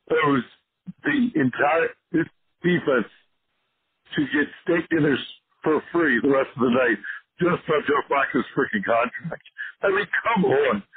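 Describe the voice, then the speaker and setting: A hoarse man co-hosting a sports podcast, ranting with passion. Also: medium pitch, no echo. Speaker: podcast co-host. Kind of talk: casual sports podcast chat. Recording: tinny phone-line sound, dry.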